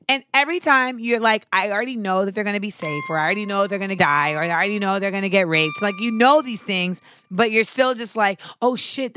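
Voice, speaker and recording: A woman chatting casually and animatedly, swearing freely and acting out quotes with sudden shouts. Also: medium pitch, a little hiss or hum. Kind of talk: casual chat about a TV show.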